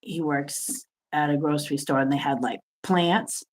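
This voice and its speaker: Slow, hesitant low-voiced woman on a video call. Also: a little hiss or hum, poor audio. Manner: hesitant, halting with sighs and soft laughs. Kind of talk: casual chat.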